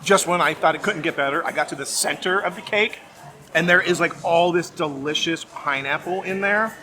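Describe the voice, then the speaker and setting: A man's voice: a little high, moderate pace, sharp tone. A middle-aged man vlogging at a theme park, talking casually and enthusiastically as he reviews food and chats. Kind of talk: casual vlog commentary.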